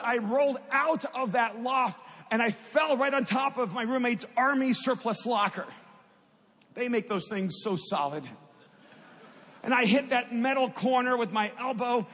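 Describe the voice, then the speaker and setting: A man's voice: very high-pitched, fairly bright tone, slightly rough. A middle-aged man giving a personal faith testimony in a storytelling way. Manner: storytelling, rising to impassioned at climaxes. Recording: long hall reverb.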